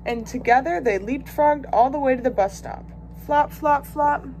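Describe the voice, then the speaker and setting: A woman volunteer reading a children's picture book aloud with expressive, lively storytelling. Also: high-pitched, normal speed, a little hiss or hum. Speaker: volunteer reader.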